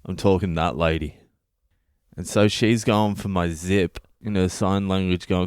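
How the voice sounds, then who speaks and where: A middle-aged Australian man tells a story and drops swear words in almost every line, acting out his own reactions as he goes. His voice is low, smooth and clear, recorded very dry and close. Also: fairly even intonation, unhurried, a little mellow, no echo. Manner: swears constantly, acts out his own lines. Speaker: comedian and podcast host. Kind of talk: profane comic storytelling.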